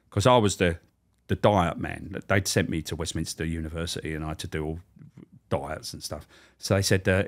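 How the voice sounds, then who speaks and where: A man's voice: low-pitched, a little fast. Jokey man telling prison yarns. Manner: jokey, swears a lot, acts out voices in his stories. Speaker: podcast guest, former prison officer. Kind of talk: casual storytelling chat.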